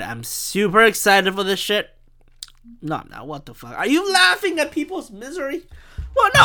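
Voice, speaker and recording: A man rambling alone into a podcast mic, swearing freely and breaking into shouts. His voice is bright and smooth, and it leaps all over the place in pitch. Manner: animated, profane, bursts into shouting. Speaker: podcast host and stand-up comic.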